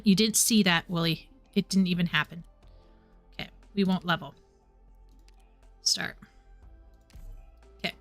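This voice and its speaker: A woman's voice: lowish voice, measured pace, pauses often, no echo, soft background music. A woman chatting casually as she streams a game. She repeats and restarts her words and sometimes reads the game's dialogue aloud. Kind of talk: casual gameplay commentary.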